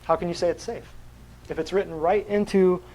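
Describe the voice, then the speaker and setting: A man's voice: high-pitched, fairly even intonation, fairly quick, a little mellow, low-quality recording. A man giving a natural health talk to a live audience, blunt and combative, quizzing the room with questions.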